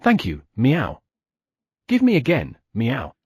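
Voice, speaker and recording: A man's voice: mid-range voice, huge pitch swings, slow pace, breathy edge, no echo, clean studio sound, heavily acted. A man voicing a cheeky male cat who tacks meow onto his lines in an audiobook. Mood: wheedling. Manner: sulky, coaxing, adds meow.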